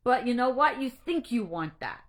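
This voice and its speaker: A woman's voice: on the high side, very animated, normal speed. Earnest woman coach, tearful livestream talk. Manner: earnest, direct, a little preachy. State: tearful, emotional. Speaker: anxiety coach. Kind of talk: casual livestream talk to a group.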